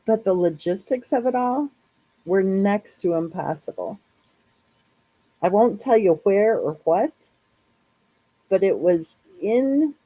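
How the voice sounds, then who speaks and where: A woman chats casually with her viewers in a live stream. Her voice is mellow and slightly husky. She speaks slowly and rambles in a friendly way, full of little fillers. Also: lowish voice, low-quality recording. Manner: chatty, rambling, lots of "like" and "you know". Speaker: true crime channel host.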